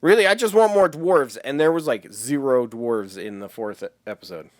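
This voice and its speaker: A man co-hosting a podcast, chatting about a fantasy series in a jokey, animated way, swearing casually. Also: medium pitch, moderate pace, dry recording, clean studio sound. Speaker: podcast co-host.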